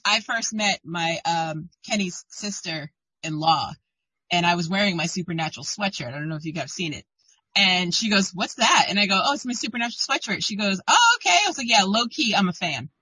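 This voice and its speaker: A woman with a Southern American accent, telling animated stories and laughing a lot as a podcast co-host. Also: on the low side, fairly quick, husky, dry recording, rough recording. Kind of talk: casual chat.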